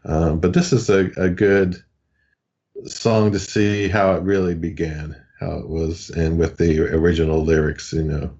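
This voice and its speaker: A man's voice: sits low, level tone, a little slow, mellow, dull audio. A man co-hosting a podcast in a casual chat, talking in a rambling, hesitant way. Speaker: podcast co-host.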